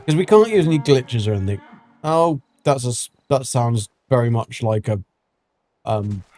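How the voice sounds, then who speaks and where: Casual gaming streamer, mid pitch, chatty and meandering, dry recording. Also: male voice, expressive, normal speed, a little mellow, no room sound. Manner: chatty, rambling, many ums and restarts. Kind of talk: casual gameplay commentary.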